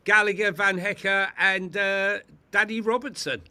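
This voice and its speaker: A man's voice: high-pitched, fairly even intonation, a little slow, sharp tone. A man co-hosting a football fan chat, incredulous and sarcastic, often laughing. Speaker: co-host. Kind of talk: casual chat.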